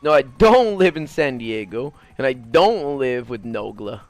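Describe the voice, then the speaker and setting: A man streaming a video game, chatting casually with his viewers in a low, mumbly voice and swearing now and then. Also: very animated, a little slow, no room sound. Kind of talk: casual gaming stream chat.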